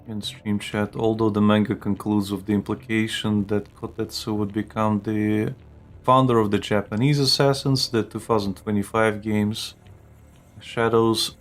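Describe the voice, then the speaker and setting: A man co-hosting a live stream, chatting casually and jokily with restarts. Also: lowish voice. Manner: rambling, jokey, with restarts. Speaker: streamer co-host.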